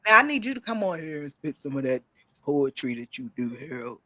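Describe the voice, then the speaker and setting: Bright-voiced hype podcast host woman. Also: low voice, very animated, fairly quick, no echo. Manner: hyped, playful, talks to viewers. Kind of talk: casual live-stream chat. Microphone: streaming setup.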